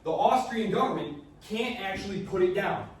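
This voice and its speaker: A man giving a casual history lecture in a classroom, joking and acting out countries in quick asides. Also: high-pitched, lively intonation. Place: lecture hall. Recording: very echoey hall, recorded from a distance.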